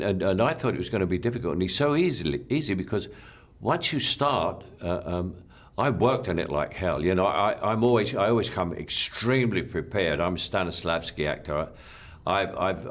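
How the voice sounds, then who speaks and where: An older man, an actor, talking reflectively in an interview, rambling and repeating words as he trails off softly. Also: low voice.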